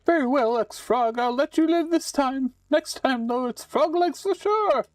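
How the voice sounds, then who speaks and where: A man's voice: extremely high pitch, expressive, unhurried, dry recording, distant mic, voice pushed up. A man voicing an old female swamp witch who is cruel and mocking. She chants rhyming spells in a sing-song way and taunts the listener. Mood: gloating.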